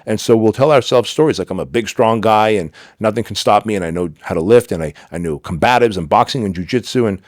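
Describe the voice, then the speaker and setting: A man's voice: fairly low pitch, fast talker, hardly any pauses, dry recording, studio quality. A middle-aged man speaking as a podcast guest, telling personal stories emphatically, acting out dialogue and swearing now and then. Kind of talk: candid storytelling interview.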